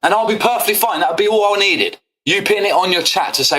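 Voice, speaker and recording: A young man rants in a heated, confrontational stream monologue. His voice sits a bit high and sounds bright and forceful. He swears freely as he calls someone out. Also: lively intonation, a little fast. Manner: angry, confrontational, swears often. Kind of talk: heated rant.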